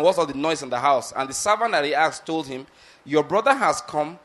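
A man's voice: on the high side, fairly bright tone. A man preaching a sermon, retelling a scripture story and often asking his listeners whether they follow his point.

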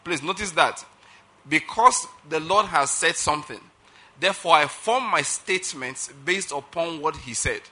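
Pastor guy preaching, super bright voice, hammers every point, keeps asking do you get it. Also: fairly high pitch, lively intonation, a little slow. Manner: emphatic, keeps asking if listeners follow. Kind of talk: sermon.

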